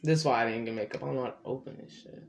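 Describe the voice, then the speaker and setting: Young male podcaster, rambly slangy solo chat, average pitch, jumpy delivery. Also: fast talker, gravelly, a little hiss or hum. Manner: rambling, loose and slangy, with sudden pitch jumps. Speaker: podcast host.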